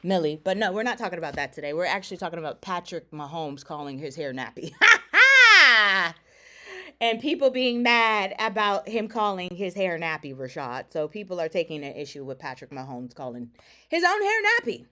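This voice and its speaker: A woman hosting a casual talk radio show, animated and sassy, laughing often as she chats with listeners. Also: on the low side, a little fast. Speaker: radio and stream host.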